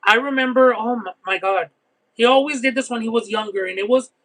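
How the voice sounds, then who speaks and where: A man chatting casually on a livestream, talkative and expressive, who swears now and then and keeps saying "you know what I mean.". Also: very high-pitched, a little fast, poor audio. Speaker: streamer reading chat.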